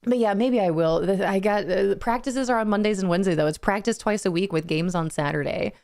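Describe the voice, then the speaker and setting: A young adult woman chats casually on a live stream, greeting viewers by name and laughing often. Her voice sounds smooth and clear, sitting at an ordinary middle pitch for a woman. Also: fairly quick, a little mellow.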